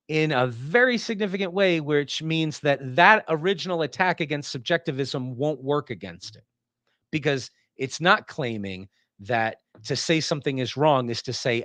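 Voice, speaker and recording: Animated man lecturing on ethics. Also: mid-range voice, no echo. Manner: animated, acts out example tones of voice. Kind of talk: classroom philosophy lecture.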